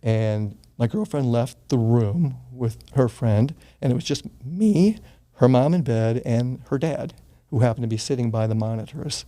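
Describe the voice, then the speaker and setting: A man's voice: mid-range voice, moderate pace, warm tone. A man in his sixties, a guest in an interview, telling a personal story in an earnest, casual way that sometimes turns emotional. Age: 60s. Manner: earnest, gets choked up, swears casually.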